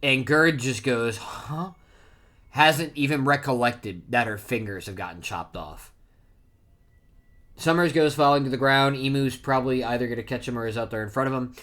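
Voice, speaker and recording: A man casually recapping a manga chapter, reading panel lines aloud with loud bursts of emphasis and frequent self-corrections. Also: mid-range voice, moderate pace. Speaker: manga reaction streamer.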